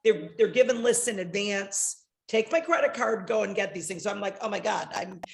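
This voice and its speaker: Brief: middle-aged woman host, gravelly fry in the voice, eager and encouraging, video-call audio. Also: mid-range voice, normal speed, a little hiss or hum. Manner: enthusiastic, affirming. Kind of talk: casual conversation.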